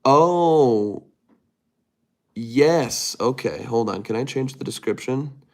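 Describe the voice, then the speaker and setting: A man's voice: mid-range voice, a little slow, vocal fry, a little mellow. A man hosting a casual livestream, reading viewer comments aloud and muttering to himself while he types. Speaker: livestream host.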